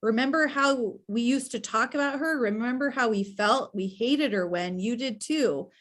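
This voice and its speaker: Woman reading out an upset grown brother, pushy questions, kinda high. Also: moderate pace, fairly bright tone. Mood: pleading. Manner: urgent, pressing questions. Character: distraught adult man pleading with his sister.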